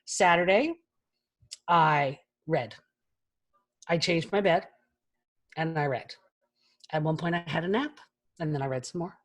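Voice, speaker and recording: A woman in her forties speaks candidly to an online audience over a video call, with a slightly low voice. Her talk is chatty and frank, and she drops casual swear words as she goes. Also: a little slow, long pauses. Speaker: keynote speaker.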